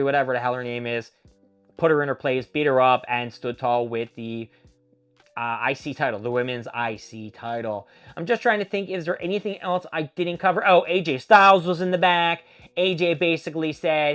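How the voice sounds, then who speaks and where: A man giving a casual, profanity-filled solo recap of a wrestling show, rambling and animated as he tells what happened. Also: a little high, moderate pace, clear, resonant tone.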